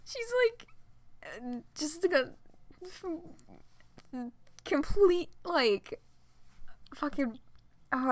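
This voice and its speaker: A woman's voice: a little high, fairly bright tone, no room sound. A young woman live-streaming a read-aloud of a fan story, swearing, laughing and gushing between passages.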